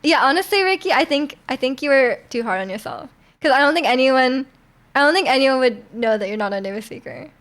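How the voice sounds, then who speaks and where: A woman's voice: high voice, animated, brisk, a bit bright. A young woman from Canada chatting casually with viewers on a live stream, rambling with lots of fillers and laughs.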